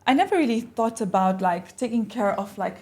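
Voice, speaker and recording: A young woman, a podcast guest, telling a personal story in a casual, animated way and acting out the conversations she recalls. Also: on the high side, fairly quick. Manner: animated, acts out quoted exchanges.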